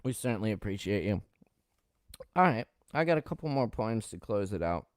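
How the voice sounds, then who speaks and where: A man hosting a live-streamed poetry open mic. He reads poems with loud, impassioned outbursts and talks in relaxed, quick asides between them. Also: on the low side, dry recording, studio quality. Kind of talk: live-streamed poetry reading and host talk.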